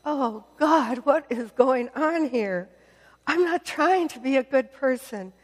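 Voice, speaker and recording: A woman's voice: sits high, animated, slow, big-room sound, full character voice. A woman voicing a dutiful older brother who protests with righteous indignation. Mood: indignant.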